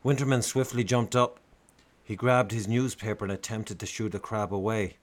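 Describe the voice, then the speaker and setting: A man's voice: lowish voice, steady tone, moderate pace. Wry storyteller man. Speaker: narrator. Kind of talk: storytelling narration.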